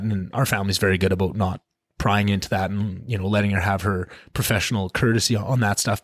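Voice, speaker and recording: Podcast host, young adult man, low-pitched, dead-dry close mic, loose rambling delivery with casual swearing. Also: no room sound. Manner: rambling, candid, swears casually, many fillers and restarts. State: tearful, emotional. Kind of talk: solo podcast monologue.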